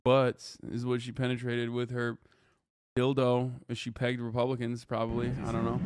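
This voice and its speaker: A man in his thirties streaming live reaction commentary, ranting and swearing, jumping between loud outbursts and low mutters. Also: completely flat delivery, normal speed, noisy background. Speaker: streamer reacting to a news video.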